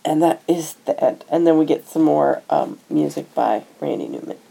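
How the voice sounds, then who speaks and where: A woman's voice: low voice, normal speed, vocal fry, breathy edge, low-quality recording. A woman hosting a podcast, retelling a film plot in casual chat and acting out the characters' lines. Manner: animated storytelling, acting out dialogue. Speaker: podcast host recapping a film.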